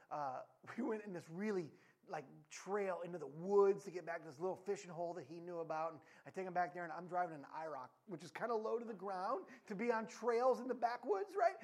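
Man, preacher, sermon, storytelling, voice cracks upward, sinks low and hushed on the serious points. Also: fairly quick. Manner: animated, voice jumps up and cracks when telling stories.

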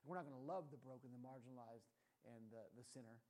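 A male pastor delivers a sermon in a church hall. He preaches in an animated way and keeps asking his listeners questions. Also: mid-range voice, quick pace. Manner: animated, asks the audience questions.

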